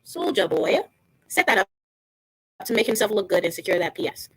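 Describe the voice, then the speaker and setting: A woman hosting a casual reality TV review show over a video call, talking in an animated, expressive way and laughing often. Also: medium pitch, a little fast, breathy edge. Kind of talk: casual chat.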